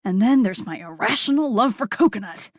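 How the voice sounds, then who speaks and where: A woman's voice: mid-range voice, animated, fairly quick, dry recording, studio quality, lightly acted. A woman voicing a flustered young man who gushes apologies and rambles about his love of food. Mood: apologetic.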